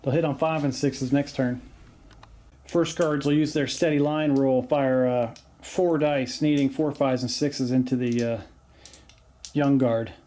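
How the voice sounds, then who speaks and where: In a home basement, a man hosts a tabletop wargame battle report, calling dice rolls in casual commentary. His mid-range voice is steady, unhurried, and dark, and he's chatty and jokey, with frequent "uh" fillers.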